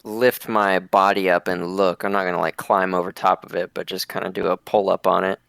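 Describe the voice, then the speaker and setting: A man plays an online tabletop game. He spells out his character's actions carefully in first person, with fillers. His voice is low and gravelly, and the sound is dry and close. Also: flat delivery, a little fast, fairly bright tone, no echo. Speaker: player.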